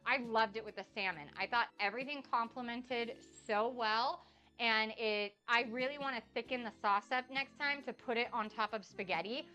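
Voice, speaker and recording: Bright-voiced woman gushing over food on stream. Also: on the high side, moderate pace, faint music behind. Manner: gushing, effusive and chatty, tasting food as she talks. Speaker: cooking streamer. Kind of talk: casual cook-along livestream chat.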